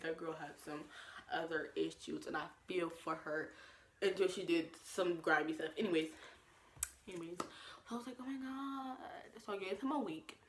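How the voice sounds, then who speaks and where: A young woman tells a story in a casual vlog, lively and full of fillers, jumping her pitch up as she acts out quotes. Her usual voice sits a little low. A faint hiss hangs in the background. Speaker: vlogger.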